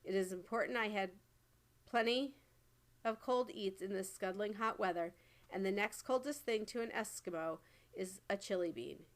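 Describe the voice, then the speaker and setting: A woman voicing a brutish, greedy male giant who booms and bullies in broken grammar, in a storybook reading. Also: moderate pace, lightly acted. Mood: roaring. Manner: booming, bullying, mangled grammar.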